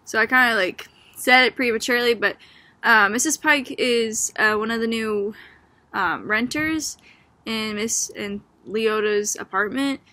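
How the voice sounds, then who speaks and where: A bright, chatty young student from Boston, Massachusetts, talks casually about a book in a fairly high, unhurried voice. She fills her speech with "like" and "um" and laughs as she goes, clearly amused. The recording is dry.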